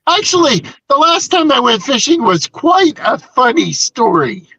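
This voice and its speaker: A man's voice: very high-pitched, sing-song, unhurried, creaky, sharp tone, breathy edge, dry recording, low-quality recording. An older man co-hosting a casual live show, rambling through stories and reading out viewer comments. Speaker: co-host. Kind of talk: casual live-stream chat.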